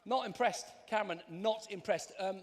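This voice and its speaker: A man's voice: high-pitched, normal speed. Teasing male presenter in an arena. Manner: teasing, mock-outraged. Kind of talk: live stage banter. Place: large arena stage. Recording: long arena reverb.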